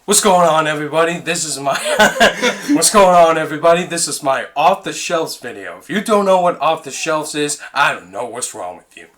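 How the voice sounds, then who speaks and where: A man's voice: fairly high pitch, expressive, moderate pace, few pauses, fairly bright tone. A young man doing a brash, cocky impression of a male movie vlogger.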